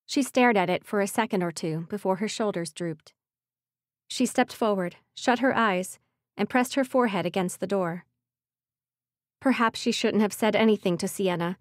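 Steady female audiobook narrator. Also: medium pitch, no room sound, clean studio sound. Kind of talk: scripted narration.

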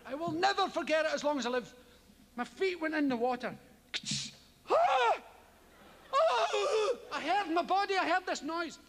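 A Scottish man doing stand-up comedy, his voice pitched unusually high for a man and spilling into a long hall echo. He tells his story with plenty of swearing and acts out the yelps and strange noises himself. Faint crowd ambience sits underneath. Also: fast talker, noisy background. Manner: profane, animated, acts out yells and noises. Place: theatre stage before a live audience.

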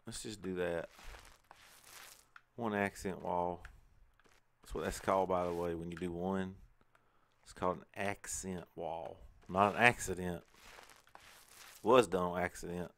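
A gaming channel host with a deep, steady voice plays through a casual let's play, chatting and talking to himself. He keeps a measured pace and pauses often.

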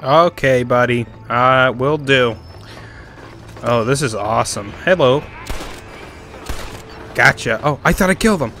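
A man commentating a game playthrough in a crude, excitable way, swearing often. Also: medium pitch, a little slow, pauses often, faint music behind. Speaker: gamer. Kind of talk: let's-play commentary.

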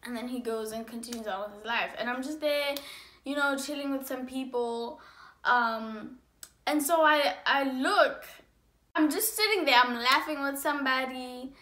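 A young woman vlogger telling a storytime tale in a casual, animated way, acting out her own lines. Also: high voice, normal speed, roomy sound. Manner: animated, acts out dialogue with big swings in loudness.

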